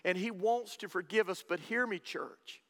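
A man's voice: sits high, fairly quick, a bit bright, in a large hall. A man preaching a sermon, reading scripture and pressing his point with a rising, repetitive cadence. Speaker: pastor.

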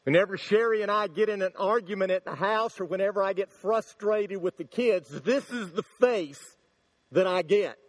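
A man preaching a sermon, telling funny stories in an animated way and acting out the shouting in them. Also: high voice, normal speed. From Florida, USA. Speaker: pastor. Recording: long hall reverb.

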